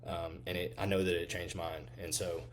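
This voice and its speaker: Low-pitched and fairly flat in pitch, a physique coach in his twenties talks at a normal speed against slight background noise. His casual, earnest address to the camera is full of swearing and "you know," and it grows into fired-up motivational pushing.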